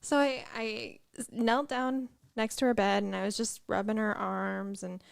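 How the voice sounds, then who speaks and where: A middle-aged woman co-hosting a casual chat show, chatty and quick to laugh. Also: medium pitch, flat delivery, gravelly, clean tone, dry recording, clean studio sound. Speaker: co-host.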